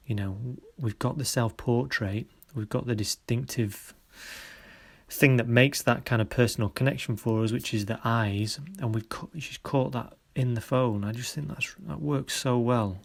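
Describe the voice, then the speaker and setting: A man leading a photography workshop, giving encouraging feedback on students' photos in a halting way with many pauses. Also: mid-range voice, gravelly.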